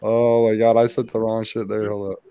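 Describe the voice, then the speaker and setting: A man co-hosting a casual podcast, slangy and easygoing with a gruff edge. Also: fairly low pitch, flat delivery, fairly quick, dark tone. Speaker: podcast co-host.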